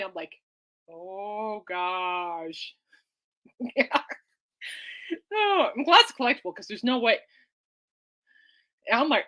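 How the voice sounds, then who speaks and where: A woman's voice: on the high side, very animated, normal speed, pauses often, pushed and bright. A woman hosting a podcast in casual, rambling chat, giggly and reacting to listener comments. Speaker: podcast host.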